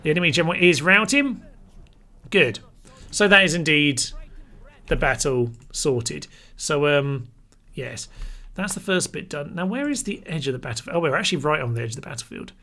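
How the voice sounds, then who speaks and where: A man hosts a live strategy game session, chatting as he directs his troops. His voice sits a little high and comes across bright and forceful. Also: lively intonation, normal speed. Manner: chatty, talks his units through orders. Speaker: gaming channel host.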